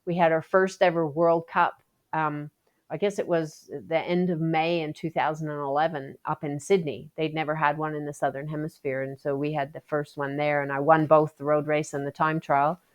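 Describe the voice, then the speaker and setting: A woman's voice: sits low, moderate pace. A woman from Canada, a Paralympic athlete guest telling her story in a casual podcast interview, acting out quotes with lots of restarts. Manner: animated storyteller, acts out quotes, frequent restarts.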